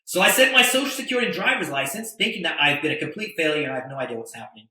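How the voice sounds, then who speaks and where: Man, podcast guest, animated storyteller, bright edgy tone, echoey room. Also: on the high side, very fast. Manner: animated, stammering restarts, tag questions. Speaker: podcast guest, attorney and entrepreneur. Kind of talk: casual anecdotal storytelling.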